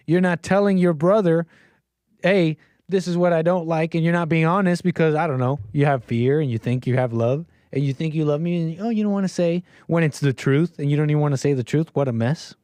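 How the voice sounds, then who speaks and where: Guy hosting a call-in stream, rambly and jokey, slightly high voice, dry sound. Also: a little mellow, clean tone, no room sound. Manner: rambling, playful, talks to the chat. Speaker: call-in show host. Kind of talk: casual livestream chat.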